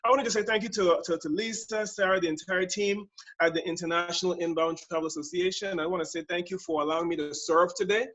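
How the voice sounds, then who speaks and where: A man's voice: high voice, steady tone, fast, fairly bright tone. A middle-aged man with a US Virgin Islands accent, giving an upbeat webinar talk in a jokey storytelling manner. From Saint Thomas, US Virgin Islands. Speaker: guest speaker, service consultant. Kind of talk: webinar presentation. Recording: muffled webinar audio.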